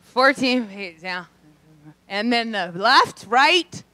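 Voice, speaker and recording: A woman voicing a matter-of-fact male motel desk clerk, with slow, deliberate directions in a low drawl in a stand-up bit. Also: lively intonation, bright, forceful tone, exaggerated voice. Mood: helpful.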